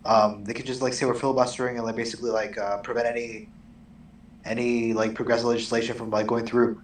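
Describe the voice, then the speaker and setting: A podcast co-host talks hesitantly in a casual show, using lots of fillers and the occasional swear word. His medium-pitched voice is level in tone and quick, picked up by an echoey, distant mic with faint background noise.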